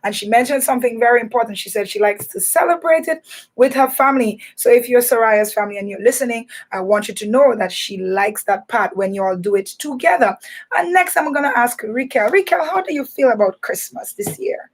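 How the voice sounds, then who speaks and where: A woman hosting a radio show for children, talking in a playful, animated way. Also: on the high side, a little fast. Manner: animated, playful, laughing and teasing. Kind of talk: lively children's radio chat.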